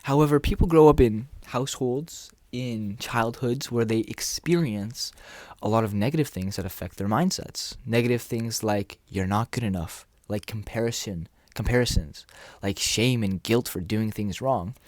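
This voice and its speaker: A man coaching viewers on confidence and dating in a relaxed, conversational way, sometimes acting out short exchanges. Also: mid-range voice, normal speed, no room sound. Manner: relaxed, conversational, acts out little dialogues. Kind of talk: casual talking-head advice.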